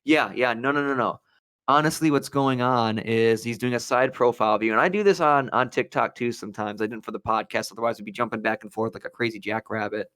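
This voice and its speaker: In a studio-quality recording free of room sound, a young podcast co-host from Wisconsin speaks in a mid-range voice at a fairly quick pace. He's an animated storyteller in casual chat, performing the quotes within his tale.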